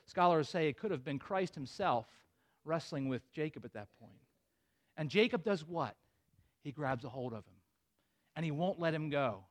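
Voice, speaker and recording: A man preaching a sermon, retelling a story with lively asides to his congregation. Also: on the high side, moderate pace, pauses often. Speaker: pastor.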